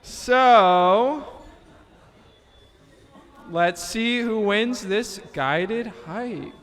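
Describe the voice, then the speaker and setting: A man's voice: high-pitched, expressive, drawn-out words, long pauses, a bit bright. A man emceeing a raffle at a live fundraiser event, joking and bantering playfully with the crowd as he announces the winners. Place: indoor event venue with a live audience.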